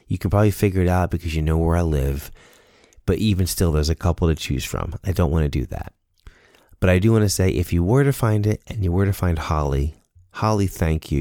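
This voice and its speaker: A man's voice: low voice, dark tone, no room sound, studio quality. A man in a casual monologue, earnestly telling a personal story and acting out the dialogue. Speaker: speaker sharing a personal lesson.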